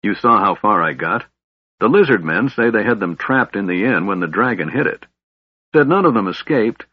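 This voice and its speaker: A man's voice: fairly low pitch, husky, no room sound, lo-fi sound. Man voicing a whiny, grumbling goblin. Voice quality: whiny, surly. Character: whining grumbling male goblin digger.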